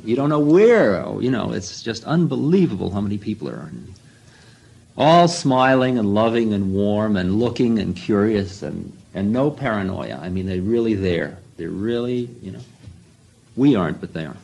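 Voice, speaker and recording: A low-pitched man telling a long personal story to listeners, wandering through asides and laughing at his own past self. The delivery is loose and conversational. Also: lively intonation, moderate pace, vocal fry, a little mellow, husky, poor audio. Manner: rambling, self-mocking, many asides. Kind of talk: first-person storytelling talk.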